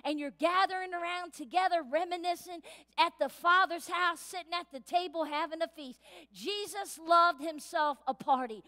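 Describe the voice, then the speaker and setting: A woman pastor preaching a sermon in a church, lively and playful, acting out voices as she goes. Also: very high-pitched, normal speed. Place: church sanctuary. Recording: reverberant church hall.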